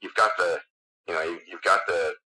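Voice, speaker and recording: Man, podcast guest, low husky voice, very bright, quick excited storytelling. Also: rough recording. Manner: excited storyteller, many fillers. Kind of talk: casual interview chat.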